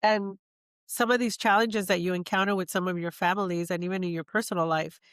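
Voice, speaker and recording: A woman's voice: fairly low pitch, steady tone, brisk, no echo, studio quality. A woman hosting a podcast, talking casually and reflectively about her friend and guest, often laughing. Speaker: podcast host. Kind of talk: casual interview conversation.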